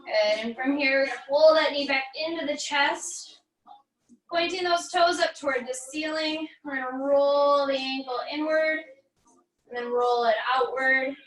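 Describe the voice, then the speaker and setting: An American woman, a fitness instructor, calmly guiding a barre stretching class with encouraging cues and light jokes. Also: high-pitched, a little slow, reverberant, recorded from a distance, rough recording.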